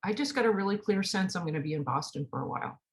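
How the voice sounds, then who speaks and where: A middle-aged woman speaks as the host of a spiritual talk, working through a personal story. Her voice sits at a medium pitch, and she slips into the quoted dialogue as she tells it. The telling stays earnest throughout. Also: lively intonation, fast talker.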